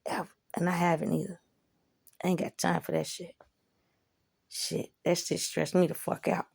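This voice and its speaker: A woman's voice: on the low side, flat delivery, normal speed, gravelly, a little mellow, slightly rough. A woman telling a story to the camera in a casual, rambling way, swearing a lot and asking "you know?". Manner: profane, rambling, asks listener "you know?".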